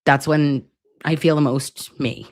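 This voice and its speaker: A woman's voice: low voice, steady tone, slow pace, darkish tone, no room sound, studio quality. A woman in her forties from Massachusetts, hosting a casual livestream chat in a chatty, profane way, full of "like.". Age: 40s. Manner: chatty, profane, many "like" fillers. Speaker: livestream host.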